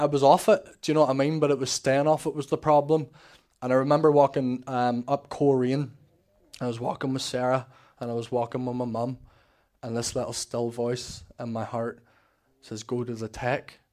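A man's voice: medium pitch, a little mellow. A young man with a Northern Irish accent giving a candid personal testimony in church, acting out the dialogue as he tells his story.

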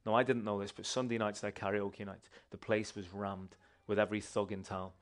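Man, church testimony, animated storytelling, low-ish voice. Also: a little fast. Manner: animated, conversational storytelling with restarts. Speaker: church member giving testimony.

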